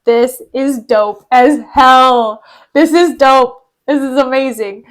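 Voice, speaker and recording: A woman streamer reading a play aloud and commenting on it in a chatty, slangy, excitable way. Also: high voice, slow pace.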